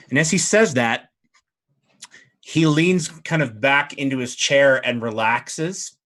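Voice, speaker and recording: Slow-speaking man narrating as game master. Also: medium pitch, a bit bright. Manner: descriptive, casual narration with fillers.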